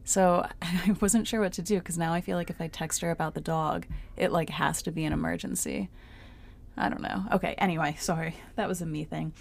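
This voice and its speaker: A woman's voice: lowish voice, fairly even intonation, brisk, gravelly. A woman hosting her own podcast, talking casually and filling her speech with "like"; she calls herself hot-headed and fiery. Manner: chatty, many filler "like"s. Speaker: podcast host. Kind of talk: casual solo podcast advice. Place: home closet.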